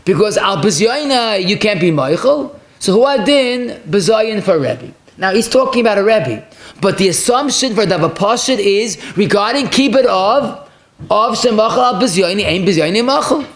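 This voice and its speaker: A rabbi with a fairly high voice teaches a Talmudic class, pressing his points with emphatic rhetorical questions. He weaves dense Hebrew and Aramaic legal terms through his English. The sound is roomy, with echo off the walls. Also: animated, normal speed. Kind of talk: Talmudic lecture.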